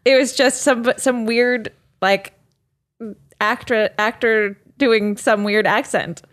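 A woman's voice: fairly high pitch, steady tone, slow, a bit bright. A woman co-hosting a podcast in casual chat, reacting with gasps and laughter. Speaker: podcast co-host.

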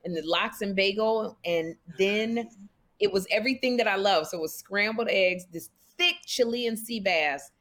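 A woman co-hosting a casual chat, telling a personal story with slow, drawn-out emphasis. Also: mid-range voice, fairly bright tone. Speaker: co-host.

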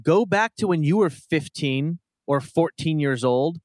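A man co-hosting a podcast, talking in a chatty, emphatic way with quick asides. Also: fairly high pitch, expressive, darkish tone, dry recording, studio quality. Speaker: podcast co-host. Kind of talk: casual chat.

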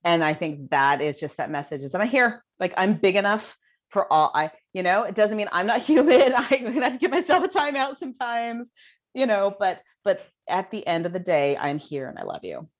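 Her voice is mid-range and her pace normal as this middle-aged woman, an author on child development, is interviewed. She chats casually, telling animated stories full of fillers.

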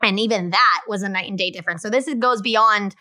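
Bright, animated woman podcast co-host. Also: mid-range voice, fast, no room sound, clean studio sound. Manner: animated, acts out quotes with exaggerated enthusiasm. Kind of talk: casual chat.

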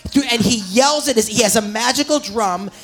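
High-voiced man ranting comically. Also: faint music behind. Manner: fast, profane, theatrical, animated. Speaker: comedian guest. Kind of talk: comic rant at a live show. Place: live stage in a club.

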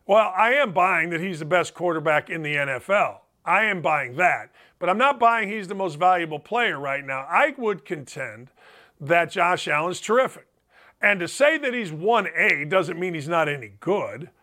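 A man's voice: expressive, moderate pace, sharp tone. A man hosting a sports talk show, delivering an opinionated, argumentative monologue and mocking his critics. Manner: emphatic, argumentative, mock-quotes critics in a higher voice. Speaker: sports radio host.

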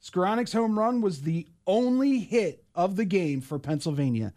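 A man's voice: sits high, animated, normal speed, dark tone. A man producing and co-hosting a sports show, reading recaps and bantering. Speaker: producer and co-host. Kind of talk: casual sports segment hosting.

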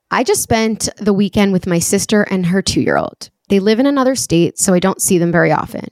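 A woman's voice: mid-range voice, no room sound. A woman from Long Island hosting a casual podcast, reading a listener letter aloud and chatting playfully with co-hosts. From Long Island, New York. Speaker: podcast host.

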